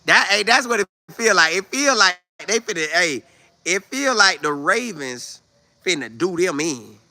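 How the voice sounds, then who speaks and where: A man hosting a live stream, casually talking football in an animated, slangy way and answering viewer comments. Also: high voice, measured pace. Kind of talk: casual sports chat, reading viewer comments.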